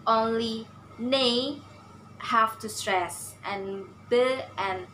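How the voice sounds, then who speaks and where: Very slow, halting woman presenting. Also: a little high, pushed and bright, a little hiss or hum, low-quality recording. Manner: halting, many pauses and fillers. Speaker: student presenter. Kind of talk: class presentation on English stress.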